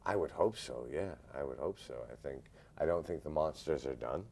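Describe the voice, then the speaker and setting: A male actor answering interview questions in a measured, thoughtful way, pausing often. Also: a bass voice, lively intonation, gravelly, dark tone, breathy edge. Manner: measured, thoughtful, frequent "uh" pauses.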